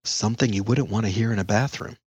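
A middle-aged man, a guest educator in a podcast interview, talking in an energetic, chatty way with jokey asides. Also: lowish voice, fast, breathy edge, dry recording.

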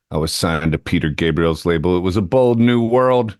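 A man's voice: low-pitched, animated, normal speed, few pauses, darkish tone, no echo, soft background music. A man hosting an interview show, chatting in a playful, rambling way that jumps between tangents. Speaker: show host. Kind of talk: casual interview chat.

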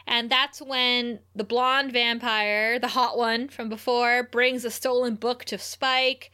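A young woman co-hosts a casual podcast, retelling scenes with frequent laughter. Her voice is bright and sits a little high. She slips into livelier, higher tones when she acts out what characters say. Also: fairly even intonation, slow, hardly any pauses, smooth. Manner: laughs often, acts out quotes with raised pitch. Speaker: podcast co-host. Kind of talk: casual recap chat.

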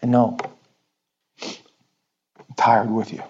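A man preaching a sermon in a conversational way, jumping from loud outbursts to near-whispers. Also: medium pitch, flat delivery, slow pace, slightly rough, dull audio. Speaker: pastor.

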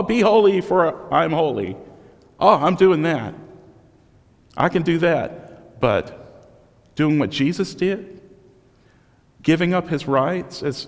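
A man's voice: medium pitch, long reverb tail. A male pastor preaching a sermon, in a conversational, self-deprecating storytelling manner.

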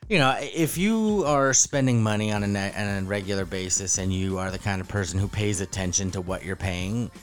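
Low-voiced man talking casually on a podcast. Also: a little fast, hardly any pauses, faint music behind. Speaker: podcast co-host.

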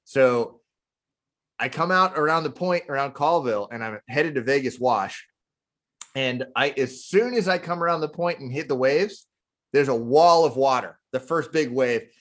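A man hosting a casual chat, telling stories in an animated way and often saying "dude". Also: medium pitch, moderate pace. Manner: animated, says "dude" a lot. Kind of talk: casual storytelling.

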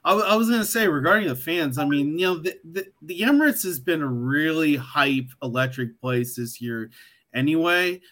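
A man's voice: a little high, lively intonation, normal speed, a bit bright. Rambling man with a worn voice. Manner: rambling, many fillers and restarts. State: losing his voice. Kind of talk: casual chat.

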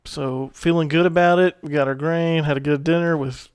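A man's voice: fairly high pitch, fairly even intonation, moderate pace, clear, resonant tone, no echo, studio quality. A man as co-host, chiming in casually with comments during a Bible discussion.

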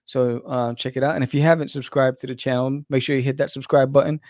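A man's voice: mid-range voice, little pitch movement, quick pace, no room sound, studio quality. A man co-hosting a podcast, chatting loosely with many fillers and restarts as he wraps up the show. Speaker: podcast co-host. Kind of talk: casual chat and show sign-off.

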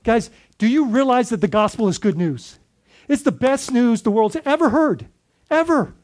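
A man's voice: very high voice, animated, normal speed, a little mellow. A man preaching a sermon as lead pastor, speaking conversationally and putting questions to his congregation.

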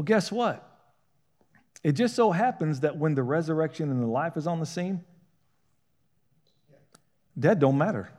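A man with a high voice preaches a sermon in a casual, folksy manner. He keeps asking his listeners questions and pushing for a response, and his emphasis climbs as he goes. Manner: call-and-response, rising to shouted emphasis; conversational, folksy preaching with laughs.

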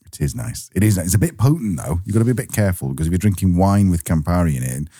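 A man's voice: sits low, expressive, rapid-fire, gravelly, warm tone, husky, dry recording, clean studio sound. A man from England co-hosting a podcast, chatting casually and rambling through anecdotes. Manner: chatty, rambling, acts out family quotes. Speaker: podcast co-host. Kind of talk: casual chat.

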